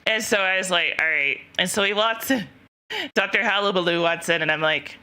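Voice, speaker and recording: A woman's voice: lowish voice, normal speed, pushed and bright, smooth. A young woman streamer casually telling a rambling story to her chat, laughing often and quoting herself. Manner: giggly, rambling, lots of self-quoting.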